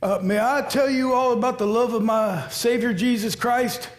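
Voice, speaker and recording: A man's voice: very high voice, moderate pace, echoey room, voice pushed up. A man doing a nervous, earnest visitor. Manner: polite and hesitant.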